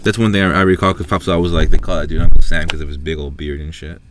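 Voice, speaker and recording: A man's voice: a bass voice, very fast, background noise. A man hosting a podcast, talking casually into a podcast mic in a loose, rambling way full of fillers and swearing. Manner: rambling, filler-heavy and profane. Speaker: podcast host. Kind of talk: casual chat. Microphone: podcast microphone.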